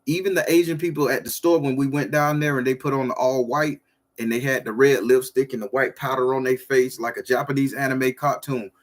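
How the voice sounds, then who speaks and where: A man's voice: medium pitch, fairly even intonation, brisk. A man from Florida, hosting a casual livestream and rambling loosely to his viewers. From southern Florida. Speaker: livestream host.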